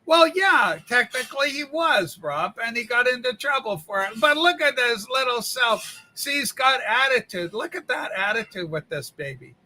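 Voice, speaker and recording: A man's voice: extremely high pitch, big pitch swings, moderate pace, hardly any pauses, bright, forceful tone, a little hiss or hum, heavily acted. A man playing Rachel, a flamboyant, gossipy woman who fusses and scolds in mock scandal during comedic livestream banter. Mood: fond. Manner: campy, chatty, mock-scandalized.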